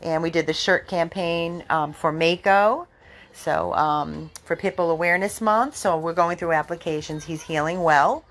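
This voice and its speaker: A woman's voice: on the low side, moderate pace, a bit bright. Woman cooing at her rescue dogs. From Florida. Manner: cooing baby talk to dogs. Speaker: dog rescue volunteer. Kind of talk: casual talk to dogs and viewers.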